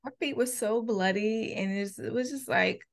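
A woman's voice: on the high side, moderate pace. A woman co-hosting a podcast, chatting casually and teasing with lots of laughter. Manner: animated, laughing, playful teasing. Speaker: podcast co-host. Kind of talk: casual chat.

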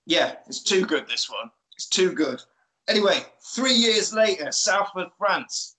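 A podcast host recaps an action film for his friends in a relaxed, playful way, putting on voices to act out the characters' lines. His voice is high-pitched with lively intonation and a sharp tone, and he talks a little slowly. The audio quality is poor.

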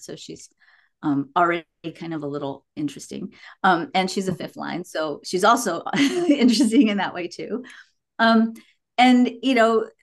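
A woman guest on a podcast interview, telling stories in an animated way, laughing and quoting herself. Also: mid-range voice. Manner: animated storytelling with laughs and quoted asides. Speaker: guest, human design teacher.

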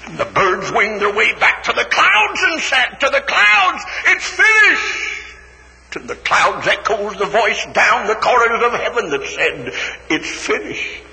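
A man from West Virginia, preaching a fervent old-time revival sermon that climbs into shouted peaks. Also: high voice, very animated, moderate pace, gravelly, few pauses. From West Virginia, USA. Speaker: evangelist preacher. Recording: reverberant hall recording.

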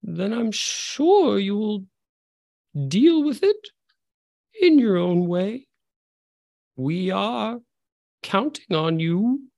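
Brief: a man playing a cold, eerie schemer in a tabletop game; high, slow and ominous. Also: expressive, gravelly, a little mellow, full character voice. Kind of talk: fantasy game role-play.

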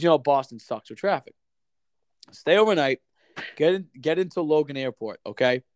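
A man's voice: on the high side, no room sound. A man telling a long story in casual chat, swearing often and acting out the other people in it. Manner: profane, animated storyteller.

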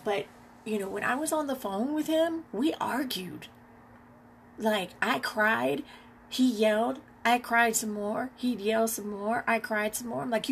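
Gravelly-voiced woman telling her story. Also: on the high side, a little hiss or hum. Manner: candid, reflective, unhurried with pauses. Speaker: podcast host. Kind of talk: personal storytelling monologue.

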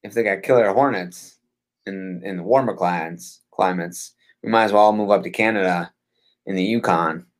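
Easygoing rambling man podcaster. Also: low voice. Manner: easygoing, rambling, halting restarts. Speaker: podcast co-host. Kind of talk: casual chat.

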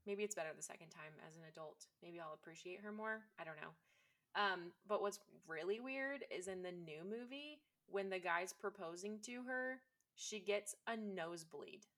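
Bright, chatty young-sounding woman. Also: medium pitch, normal speed. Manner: enthusiastic, chatty, lots of fillers. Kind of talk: casual chat.

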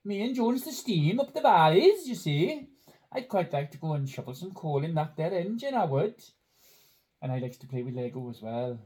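A man's voice: a little high, big pitch swings, normal speed, darkish tone, pitched above the performer's own voice. Man putting on a sing-song Welsh Valleys bloke. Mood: cheery. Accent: Welsh, put on badly. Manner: sing-song, cheerful, folksy. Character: chirpy man from the Welsh Valleys who loves steam trains.

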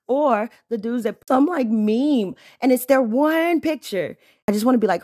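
A young adult woman hosting a casual solo podcast, telling stories in an animated way and mimicking the messages men send her. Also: on the high side, moderate pace, dry recording, studio quality. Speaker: podcast host.

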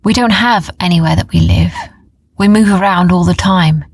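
A woman voicing a cloth-wrapped desert trader who explains things in a calm, kindly way. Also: lowish voice, moderate pace, vocal fry, a little hiss or hum. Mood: kindly explaining.

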